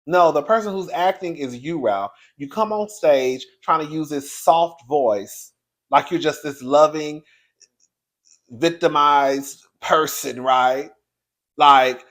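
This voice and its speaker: A man hosting his own video show, giving a blunt, profane, animated commentary straight to his viewers. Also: on the high side, slow. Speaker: online show host reviewing reality TV.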